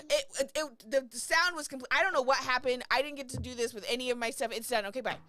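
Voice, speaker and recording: A woman's voice: on the high side, a little fast, fairly bright tone. A woman hosting a live stream, talking in an effusive way and often repeating herself. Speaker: livestream host.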